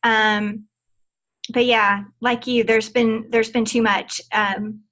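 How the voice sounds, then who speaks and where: A woman's voice: a little high, level tone, slow pace, a bit bright. A woman hosting a podcast, affirming her guest as a supportive listener. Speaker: podcast host. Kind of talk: casual interview chat.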